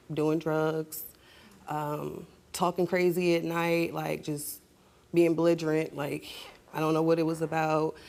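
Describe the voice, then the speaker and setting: A woman's voice: deep voice, a little mellow. A young adult woman on a talk show, recounting a painful family story in a blunt, heated way. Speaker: guest. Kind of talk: emotional talk show testimony.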